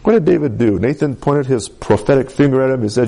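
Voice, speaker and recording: A man's voice: medium pitch, lively intonation, fast talker, vocal fry, dark tone. A male preacher giving a conversational sermon who often asks the congregation for responses.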